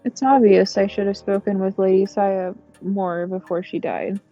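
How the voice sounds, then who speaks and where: Woman streamer doing a creepy polite doll maid from a horror game, flat formal monotone, kinda muffled mic. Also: medium pitch, moderate pace, soft background music, close to an everyday voice. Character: polite eerie doll servant, female.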